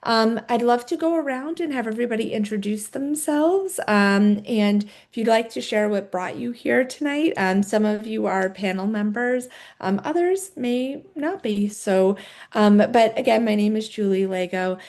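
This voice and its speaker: A woman's voice: on the high side, moderate pace, a little mellow. Friendly woman hosting a webinar. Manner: friendly, many fillers. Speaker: host and social worker. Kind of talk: webinar introduction.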